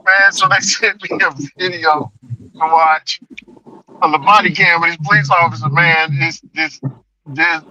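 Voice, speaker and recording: A man's voice: a little high, unhurried, lo-fi sound, a little hiss or hum. A man telling a story in casual chat as a delivery driver vlogger, laughing often. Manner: laughing, animated retelling.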